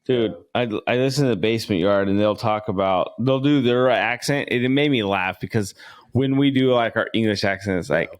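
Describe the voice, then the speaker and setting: A man's voice: on the low side, fairly quick. A middle-aged man, co-hosting a podcast in teasing, casual banter. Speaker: podcast co-host. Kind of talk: casual chat.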